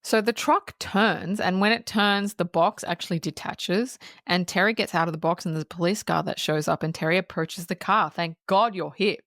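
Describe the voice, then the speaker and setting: A woman's voice: fairly low pitch, moderate pace, few pauses, no room sound, studio quality. A woman co-hosting a podcast, casually recapping a film scene by scene, acting out the characters' lines and swearing freely. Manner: animated storyteller who acts out quotes and swears freely. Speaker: podcast co-host.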